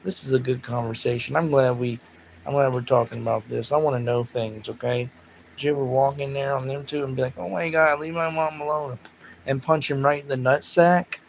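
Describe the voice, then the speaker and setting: Gravelly man rambling on a livestream. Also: mid-range voice, a little fast, a little hiss or hum, low-quality recording. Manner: rambling, animated storytelling with loud laughing outbursts. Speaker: livestream host. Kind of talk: casual livestream chat with viewers.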